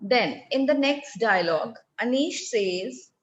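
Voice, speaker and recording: A woman's voice: fairly high pitch, animated, takes it slowly, dull audio. A woman teaching French in English with an Indian English accent, explaining patiently step by step in an online lesson.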